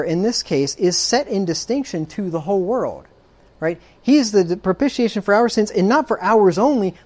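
A man's voice: sits high, a little mellow. A man preaching a sermon, emphatic, checking in with frequent rhetorical questions and dropping dry, sarcastic asides.

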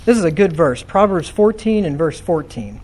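High-voiced pastor preaching conversationally. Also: male voice, expressive, moderate pace, darkish tone, breathy edge. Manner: conversational preaching, reads scripture aloud, asks the congregation questions. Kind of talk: sermon. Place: church.

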